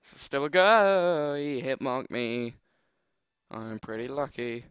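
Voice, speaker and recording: Young guy muttering thru a shooter match, slow and unhurried, dry close mic, jokey and fed up with the other players. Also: mid-range voice, expressive, a bit bright, clean tone, dry recording, highs cut off. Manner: joking, muttering, exasperated at opponents. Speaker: gaming commentator. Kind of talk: live gameplay commentary.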